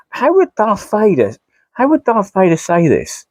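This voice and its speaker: A man's voice: high voice, huge pitch swings, normal speed, darkish tone, no room sound. A man, a model railway YouTuber, chatting casually in a rambling, self-mocking way with frequent sighs. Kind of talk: casual vlog chat.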